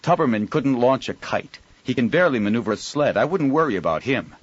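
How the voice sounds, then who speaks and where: A man's voice: mid-range voice, animated, brisk, lo-fi sound, voice pushed up, close to an everyday voice. A man voicing a gaunt, tall male officer who speaks in a dry, resigned way.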